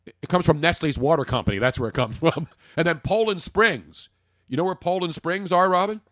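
A man hosting a sports talk podcast, opinionated and jokey, swinging from loud bursts to low muttering. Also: brisk, dry recording, clean studio sound.

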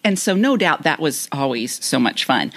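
A woman's voice: deep voice, very animated, normal speed, a bit bright. A woman co-hosting a casual podcast chat, thoughtful and searching for the right words. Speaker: podcast co-host.

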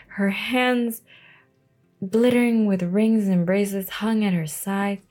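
A woman reading a novel aloud in a casual bedtime style. Her voice is gravelly and husky, at a middle pitch. She trips over words and restarts often. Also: warm tone. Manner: reads with frequent stumbles and restarts.

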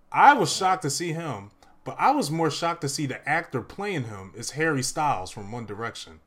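A man's voice: mid-range voice, animated, moderate pace, fairly bright tone. A young man hosting a casual movie review chat, rambling through his recap with lots of "uh" and "like".

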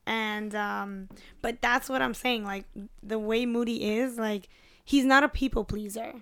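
A woman chatting casually with friends, relaxed and laughing easily. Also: a little high, measured pace, clear, resonant tone. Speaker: friend in conversation. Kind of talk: casual chat.

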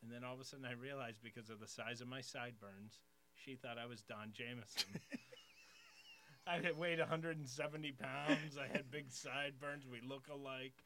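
Bright excitable New comedian. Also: male voice, mid-range voice, moderate pace, a little hiss or hum. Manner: excitable, laughs often, acts out dialogue. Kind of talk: casual storytelling chat.

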